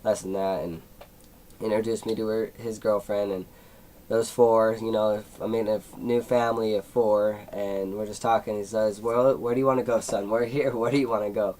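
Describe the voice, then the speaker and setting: A man's voice: lowish voice, fairly even intonation, normal speed, a little mellow, rough recording. A seventeen-year-old young man telling a personal story in a casual vlog, rambling with many fillers and at times emotional. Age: teens. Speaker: YouTuber.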